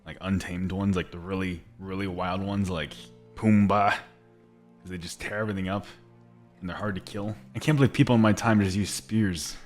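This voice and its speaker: A young man giving casual gameplay commentary, talking to himself, muttering quietly at times and breaking into loud excited shouts. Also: deep voice, moderate pace, soft background music. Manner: drops to near-whispered mutters while working. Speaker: gaming YouTuber.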